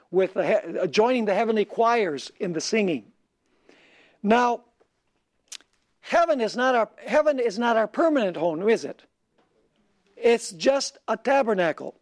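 A man preaching a sermon, reading scripture slowly and asking his listeners questions, pausing for them to fill in the answers. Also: sits high. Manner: asks the audience questions and pauses for them to answer.

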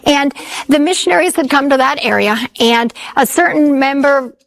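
Female preacher, high-pitched, earnest storyteller in a sermon. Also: moderate pace, gravelly, a bit bright, low-quality recording. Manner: earnest storytelling with repeated phrases.

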